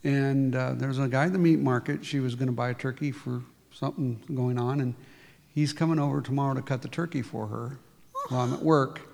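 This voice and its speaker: A man's voice: medium pitch, steady tone, fairly quick, gravelly, a little mellow. A married man telling a church testimony in a plain, matter-of-fact way. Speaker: congregation member. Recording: long reverb of a church hall.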